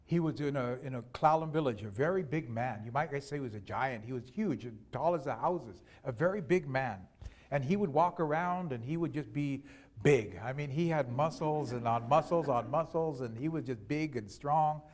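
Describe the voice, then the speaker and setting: A man telling a traditional story aloud to an audience, unhurried and repeating words for emphasis. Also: mid-range voice, darkish tone. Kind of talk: oral storytelling to a live audience.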